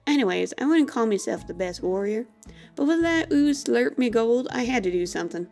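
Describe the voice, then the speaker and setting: A woman's voice: fairly high pitch, animated, normal speed, gravelly, darkish tone, faint music behind. A woman voicing a blunt, impatient female dwarf warrior who uses folksy dialect, reading a game aloud. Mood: gruff.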